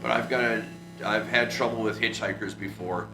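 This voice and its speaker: A man's voice: on the low side, fairly even intonation, normal speed, creaky. A man reading the lines of a young male inventor who speaks plainly and directly. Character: young male inventor, quick and level-headed. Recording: roomy echo with music behind.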